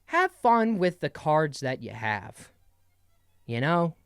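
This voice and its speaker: A man's voice: a little high, sing-song, slow pace, a bit bright, clear, resonant tone, no room sound, clean studio sound, faint music behind. A young man hosting a podcast solo, rambling playfully in a casual comedic monologue. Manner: rambling, playful, jumps between bits. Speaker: podcast host.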